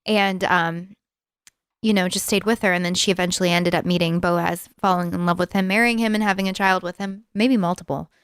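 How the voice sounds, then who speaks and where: Smooth-voiced woman in casual chat. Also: on the low side, steady tone, fairly quick, no room sound, clean studio sound. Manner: explains stories in an easy, conversational way. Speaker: podcast co-host.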